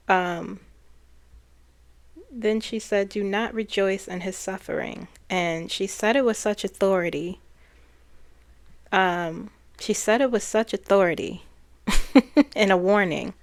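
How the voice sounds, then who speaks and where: A woman who reads cards and channels spirits, talking in a slow, hesitant way as she recounts messages. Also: medium pitch. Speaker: spiritual channeler and card reader. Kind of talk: casual spiritual chat.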